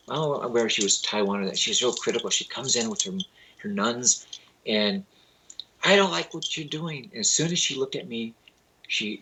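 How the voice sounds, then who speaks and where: With background noise audible, a lowish-voiced man interviewed as a spiritual teacher shares lively anecdotes in a casual manner. He imitates the people he's quoting and doesn't mind loose grammar.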